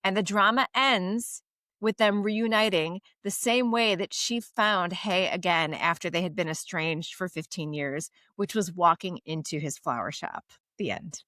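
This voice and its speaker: A woman's voice: on the low side, unhurried, sharp tone, no room sound, studio quality. A woman co-hosting a podcast, retelling a story and chatting emphatically about TV drama endings. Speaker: podcast co-host.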